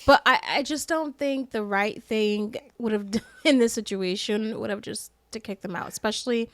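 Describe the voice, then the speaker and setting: A woman co-hosting a podcast, chatting casually and telling quick stories with a laugh. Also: on the high side. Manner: chatty, laughing, storytelling asides. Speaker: podcast co-host. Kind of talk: casual podcast chat reacting to clips.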